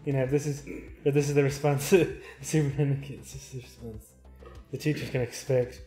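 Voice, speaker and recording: A man's voice: medium pitch, fairly even intonation, fairly quick, warm tone, roomy sound, soft background music. A young man chatting casually on a livestream, laughing often and agreeing with repeated yeahs. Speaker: streamer, school IT worker.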